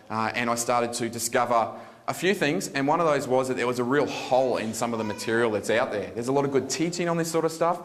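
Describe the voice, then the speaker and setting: A man giving an earnest personal testimony at a live conference, searching for words and restarting sentences. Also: medium pitch. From Australia. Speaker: seminar speaker.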